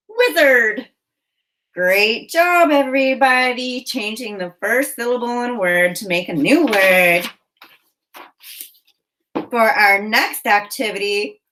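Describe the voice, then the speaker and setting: A woman teaching a phonics lesson for children, giving slow, clear, encouraging prompts. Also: on the high side, fairly bright tone, rough recording.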